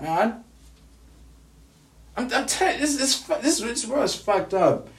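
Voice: mid-range voice, big pitch swings, unhurried. A vlogger in an angry personal rant, upset, stammering and repeating words, with heavy swearing. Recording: roomy echo, distant from mic.

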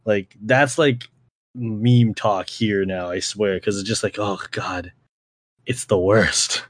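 A man's voice: lowish voice, steady tone, takes it slowly, breathy edge, no room sound. A young man hosting a podcast, talking in a rambling, slangy way, swearing and saying "like" constantly. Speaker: podcast host. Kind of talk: casual podcast chat.

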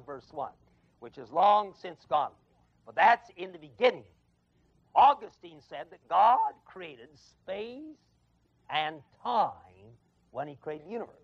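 Gravelly high-voiced man teaching Bible. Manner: emphatic, repeats key phrases with stress; chuckles at his own stories. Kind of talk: classroom Bible lecture. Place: evening adult education class at a college. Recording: dull, lo-fi 1970s tape of a dry classroom.

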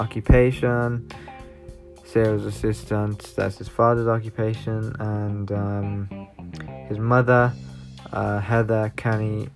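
Gravelly-voiced man, casual news reaction, halting read with sighs, faint guitar behind. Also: medium pitch. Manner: reads aloud haltingly with sighing asides. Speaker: commentator reading news.

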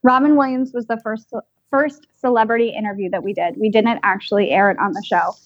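A woman co-hosting a podcast, telling a personal story in a lively way and acting out the voices she quotes. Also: mid-range voice, a little fast, dry recording, lo-fi sound. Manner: animated, acts out quoted voices. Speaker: podcast co-host. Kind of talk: casual storytelling chat.

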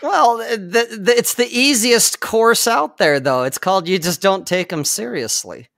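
Podcast co-host, man, higher-pitched, rambling and profane, dry close sound. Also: lively intonation, unhurried, vocal fry, fairly bright tone, no room sound. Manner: swears freely, rambling, laughs often. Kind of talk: casual chat.

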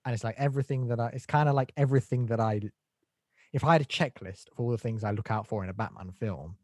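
A man's voice: mid-range voice, quick pace, darkish tone, dry recording. A man co-hosting a podcast, giving blunt, opinionated film takes in casual chat and mimicking voices when he quotes. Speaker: podcast co-host.

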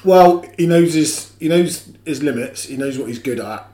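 A man co-hosting a podcast in casual chat, jokey and quick to laugh. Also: fairly high pitch, expressive, dark tone. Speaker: podcast co-host. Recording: roomy echo.

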